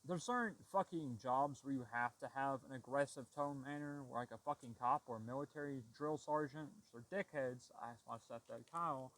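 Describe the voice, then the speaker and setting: Young male vlogger, profane venting monologue, loose rambling delivery, mid pitch. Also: normal speed, few pauses, a bit bright, poor audio. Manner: heavy swearing, frustrated, rambling with restarts. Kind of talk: casual storytelling rant.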